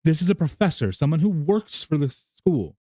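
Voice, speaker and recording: A man co-hosting a podcast in casual chat, halting and repeating himself as he argues his point. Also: on the high side, sing-song, mellow, no room sound, clean studio sound. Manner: halting, repeats words, argumentative. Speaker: podcast co-host.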